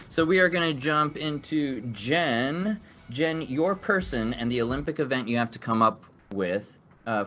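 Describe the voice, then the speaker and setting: Bright-voiced upbeat game show host man. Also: medium pitch. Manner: upbeat, encouraging, laughs often. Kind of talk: live improv game show hosting.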